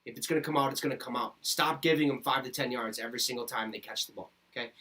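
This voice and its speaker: A man's voice: medium pitch, fast, sharp tone. A man in his twenties from Minnesota, ranting heatedly about his football team on a podcast. He swears constantly and repeats his points for emphasis. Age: 20s. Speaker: podcast host. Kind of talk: ranting sports commentary.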